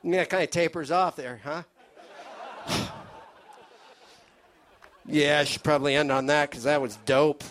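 Rambling nervous stand-up comic. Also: male voice, on the high side, steady tone, a little slow, long pauses, fairly bright tone, slight background noise. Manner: rambling, self-interrupting, nervous. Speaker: stand-up comedian. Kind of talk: live stand-up set. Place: comedy stage with an audience.

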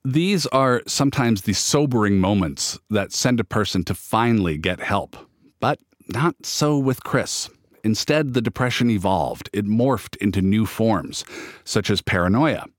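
Low-voiced podcast host narrating. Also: male voice, unhurried, no room sound, clean studio sound. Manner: earnest, lightly playful. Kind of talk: scripted narration and ad read.

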